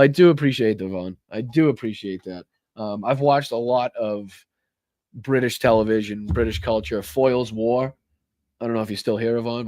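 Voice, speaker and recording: A man's voice: on the low side, darkish tone, dry recording. A man hosting a casual political livestream, thanking viewers for donations in a rambling, profane way with many fillers and restarts. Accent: American. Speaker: livestream host.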